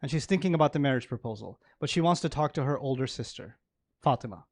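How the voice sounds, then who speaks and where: A male preacher giving a sermon to an audience, animated, acting out everyday examples and laughing often. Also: medium pitch, quick pace, no room sound.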